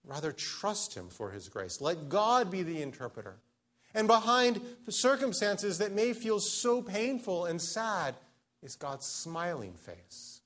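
A man with a fairly high voice preaches a sermon to his church. He is earnest and pleading, and he slows down to press home the points he wants remembered. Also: sing-song, fairly bright tone. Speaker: pastor.

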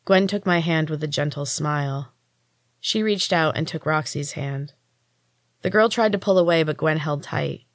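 A woman narrating a story in the first person, in an even, measured reading as a podcast host. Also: deep voice, no room sound, clean studio sound.

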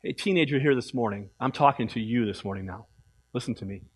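A man preaching a sermon as pastor in a church, emphatic, swinging from loud exhortation to quiet asides. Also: medium pitch, quick pace, slightly rough.

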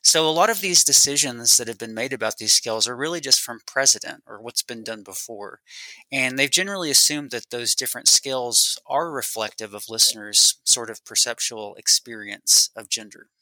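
A male researcher talks through his study in a measured, academic manner. His voice is very bright and crisp-edged. The sound is dry and close, with no room around it. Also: mid-range voice, no room sound, poor audio. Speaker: speech researcher guest. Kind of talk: explaining research in an interview.

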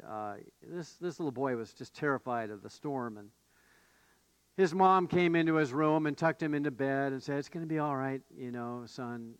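A man's voice: mid-range voice, smooth, dry recording. A man preaching a sermon as pastor, telling stories and building to emphatic questions. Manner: storytelling, rising to emphatic questions.

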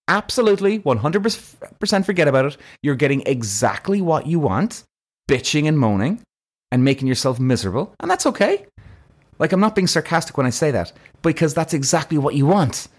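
A man, possibly, hosting his own podcast as a casual monologue, speaking bluntly with plenty of swearing and animated emphasis. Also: medium pitch. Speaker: podcast host.

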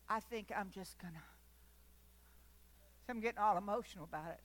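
A woman's voice: a little high, lively intonation, brisk, pauses often. A woman preaching a sermon, fervent, at times dropping to a near whisper.

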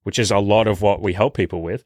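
A man's voice: lowish voice, fairly even intonation, fast talker, darkish tone, no echo, clean studio sound. A young adult man coaching self-improvement in a blunt, profane, pushy monologue. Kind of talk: motivational monologue.

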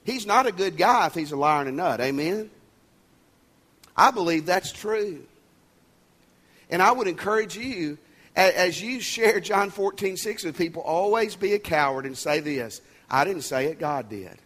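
A man's voice: high voice, lively intonation, normal speed, fairly bright tone. A male pastor giving a sermon, conversational and emphatic, with folksy asides and jokes.

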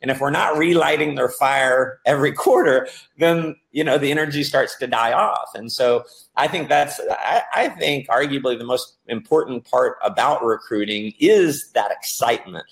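A man with a gravelly, creaky voice talks loosely about sales recruiting. He tells stories and jumps into lively quoted voices along the way. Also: medium pitch, moderate pace. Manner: storytelling, animated, acts out excited quotes with laughs. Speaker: network marketing speaker. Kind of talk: casual talk.

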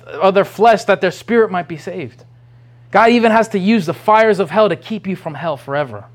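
Male preacher, high-pitched, informal rambling sermon delivery. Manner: rambling, restarts often, rising to urgent questions.

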